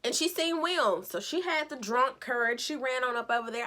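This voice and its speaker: A show recap vlogger with a high-pitched voice talks at a normal speed. She retells the episode casually and sassily, voicing the characters' quotes in a lively way.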